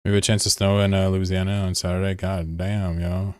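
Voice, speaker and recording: A man chatting casually on a live game stream, excitable and swearing freely as he answers chat between calls. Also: low-pitched, a little fast, dry recording, clean studio sound.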